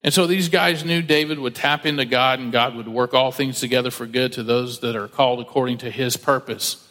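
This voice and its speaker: A man preaching a sermon in a relaxed, conversational way, with joking asides and acted-out quotes. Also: medium pitch, a little fast. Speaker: pastor. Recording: long hall reverb.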